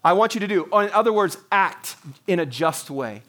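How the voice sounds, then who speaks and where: A man's voice: sits high, animated, normal speed, sharp tone. A man in his forties, a pastor, preaching a sermon in an earnest, conversational way with frequent restarts.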